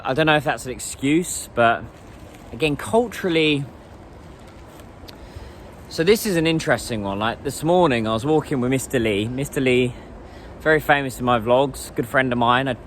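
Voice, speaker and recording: A man vlogging in a relaxed, chatty way, musing out loud. He speaks at a medium pitch, and a little street traffic hums faintly behind him. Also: moderate pace. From England. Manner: chatty and reflective, laughs while asking strangers questions in simple Mandarin. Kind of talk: casual vlog talk.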